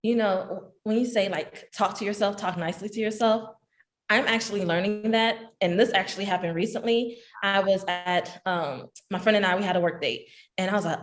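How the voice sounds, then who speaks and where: A woman interviewing a guest over a video call in a relaxed, conversational tone. Her voice sits at a mid pitch. She is friendly and chatty, and she tells quick personal stories.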